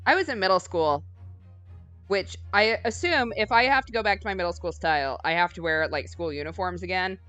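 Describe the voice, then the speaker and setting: A woman's voice: fairly low pitch, fairly quick, fairly bright tone, no room sound, soft background music. Late-20s woman co-host, blunt, swears freely, dry close sound. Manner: blunt, swears casually, reasons things out aloud. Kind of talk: casual group chat on a livestream.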